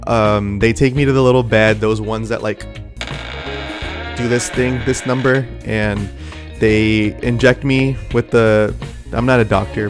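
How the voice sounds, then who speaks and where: A young man vlogging a dramatic personal story with animated, exaggerated delivery. He talks straight to his viewers as "guys", with faint music playing softly behind him. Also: mid-range voice. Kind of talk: storytelling vlog.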